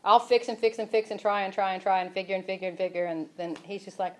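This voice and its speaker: A woman preaches an informal sermon in a relaxed, conversational way. She scatters fillers through her talk. She also rises to emphatic passages on the points she wants to land. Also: medium pitch, fast, few pauses, slight background noise. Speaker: church speaker.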